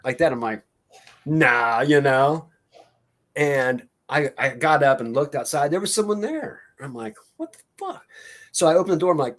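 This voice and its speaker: A man co-hosting a casual live-stream chat, telling long stories with lots of fillers and restarts. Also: mid-range voice. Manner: rambling storyteller with many fillers and restarts. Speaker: co-host.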